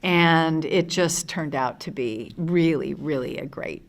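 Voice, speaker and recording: A woman in her fifties from the United States, telling lively anecdotes at a convention panel with many fillers and restarts. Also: low-pitched, slow. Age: 50s. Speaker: panel guest.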